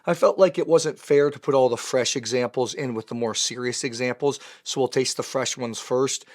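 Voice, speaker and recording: A man's voice: mid-range voice, normal speed. A man with a weakened voice from recent voice loss, presenting a wine tasting in an enthusiastic, conversational way. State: weak voice from lost voice. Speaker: wine educator.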